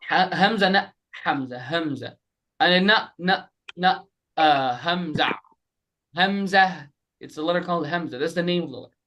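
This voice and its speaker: Man, online class teacher, bright tone, animated, repeats letters slowly, webcam. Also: fairly high pitch, a little hiss or hum. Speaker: Quran recitation teacher.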